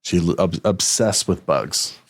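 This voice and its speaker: A podcast host with a low-pitched voice tells a personal story in an unhurried way during a casual podcast conversation. He speaks earnestly, gets a little emotional, and restarts his sentences many times.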